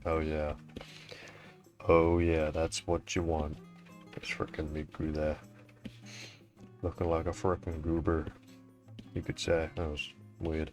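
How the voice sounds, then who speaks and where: A man's voice: rumbling low, little pitch movement, measured pace, long pauses, a little mellow, soft background music. A young man hosting a fan art showcase in casual, rambling commentary, swearing now and then. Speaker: showcase host.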